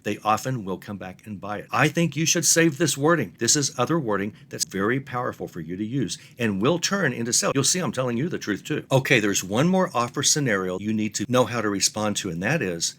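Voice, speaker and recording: A man's voice: mid-range voice, animated, fast talker, few pauses, fairly bright tone. A middle-aged man, giving an earnest step-by-step lesson on reselling. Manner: plain, earnest, explains step by step. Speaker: online reselling instructor. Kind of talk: instructional talk to camera.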